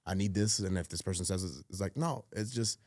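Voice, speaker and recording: A man with a low voice and a heavy gravelly rasp talks in a loose podcast chat. His tone is dark and mellow, and he is close and dry on the mic. He speaks bluntly, swears freely and hammers his points home. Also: brisk, dry recording. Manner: blunt, profane and emphatic. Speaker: podcast guest. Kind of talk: casual podcast conversation.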